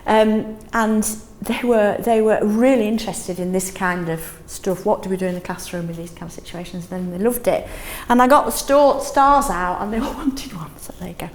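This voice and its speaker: A middle-aged woman leading a teaching workshop in a classroom, lively, often checking in with "yes?". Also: medium pitch, moderate pace, hardly any pauses, reverberant. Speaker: teaching trainer.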